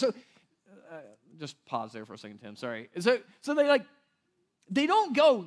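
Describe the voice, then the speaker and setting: A male pastor preaching in a loose, conversational way, often slipping into voices for the people in the story. His voice sits high and swings widely in pitch. He sounds lively and talks like a friend rather than from a script. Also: moderate pace. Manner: animated, conversational, acts out voices in quotes. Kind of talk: casual sermon.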